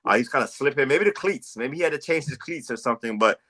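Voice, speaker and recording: A man's voice: medium pitch, expressive, fast, bright, forceful tone, husky. A man co-hosting a football podcast, talking casually and animatedly, with frequent stammered restarts. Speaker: podcast co-host. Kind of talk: casual football scouting talk.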